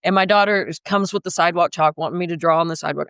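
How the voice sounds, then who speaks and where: A woman's voice: fairly low pitch, very fast, fairly bright tone, clear, resonant tone, dry recording, clean studio sound. A woman coach, a podcast guest, telling a personal story in a vivid, dramatic way.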